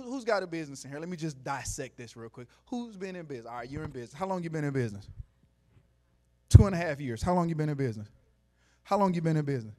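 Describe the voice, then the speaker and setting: A man giving a motivational talk to a live audience in a room, preachy, asking the crowd questions, going from quiet to loud. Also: high-pitched. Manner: preachy, call-and-response, swings from soft to loud. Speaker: motivational speaker.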